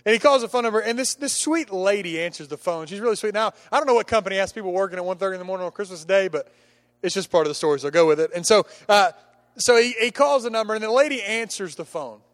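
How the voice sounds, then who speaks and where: A man's voice: high-pitched, lively intonation, fast talker. A man preaching a sermon, telling a humorous story with many restarts and acting out the characters' lines.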